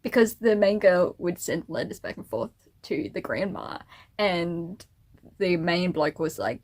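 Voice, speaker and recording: A woman's voice: fairly low pitch, expressive, moderate pace. A young woman chatting casually to camera in a vlog, rambling and laughing at herself, a little teary. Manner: rambling, self-amused, giggly. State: teary and emotional. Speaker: vlogger.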